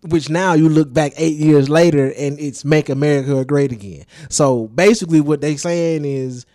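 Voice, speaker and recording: A man's voice: fairly high pitch, moderate pace, warm tone, no room sound, clean studio sound. A man co-hosting a casual podcast, joking and asking his partner lots of questions. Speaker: podcast co-host. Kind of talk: casual chat.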